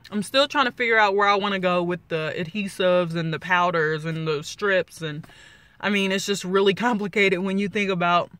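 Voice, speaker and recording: A woman giving a chatty, excited vlog update, with a slight lisp from new dentures and many fillers. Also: on the low side, dry recording. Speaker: vlogger.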